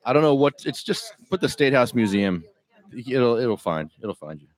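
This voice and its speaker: A man's voice: medium pitch, very animated, normal speed. A man co-hosting a podcast, chatting casually with a teasing, mock-stern edge. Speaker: podcast co-host. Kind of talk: casual chat.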